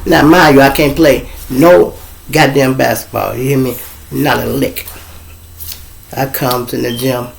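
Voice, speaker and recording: A man's voice: measured pace, creaky, a little hiss or hum. A middle-aged man with a Chicago accent, hosting his show and telling a profane personal story in casual talk, acting out the voices of the people in it. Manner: profane, animated, acts out quoted voices with big pitch jumps.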